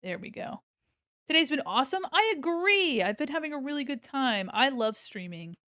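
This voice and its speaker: A woman's voice: sits high, big pitch swings, normal speed, sharp tone, no echo, clean studio sound. An American woman streaming her art, chatting casually and giggling as she thinks aloud while she draws. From United States.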